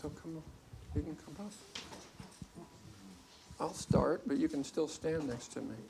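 A man's voice: a little high, unhurried, gravelly, very noisy. A man speaking to a congregation, sharing personal stories in a folksy, anecdotal way with dry humor. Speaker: ministry leader speaking to a congregation.

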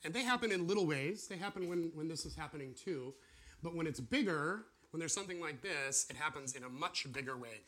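Bright-voiced animated male preacher. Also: a little high, a little fast. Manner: animated, acts out voices of God and listeners. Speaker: pastor or church teacher. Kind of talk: informal sermon to a class.

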